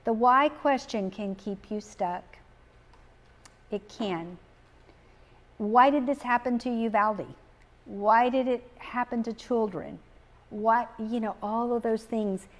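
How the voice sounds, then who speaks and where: Middle-aged woman, a touch high, earnest grief talk, slow and reflective with repeated lines. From Texas. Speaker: speaker on grief. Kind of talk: gentle spoken talk on grief. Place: live talk in a community setting.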